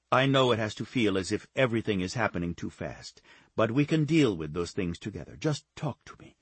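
A devoted young man pleads softly, earnest and coaxing, as the narrator plays him. His voice is low and husky. The sound is dry and close. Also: dry recording, full character voice.

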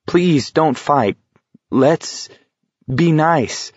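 A man's voice: medium pitch, normal speed, no echo, highs cut off, lightly acted. A male narrator voicing a tired young man who answers shortly and curtly. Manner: short, curt replies. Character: tired, sullen young man with a curt temper.

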